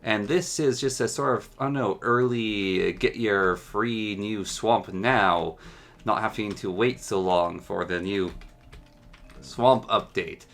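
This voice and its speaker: A man's voice: lowish voice, slow, a bit bright. A man giving casual, enthusiastic commentary while showcasing a game mod, chatting and musing aloud as he goes.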